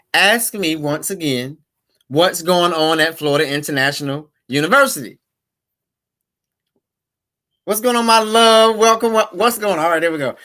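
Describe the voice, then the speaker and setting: A middle-aged man hosts a live-streamed talk show, chatting casually with his viewers, addressing them directly and dropping playful asides. His voice is a little high with a sharp tone.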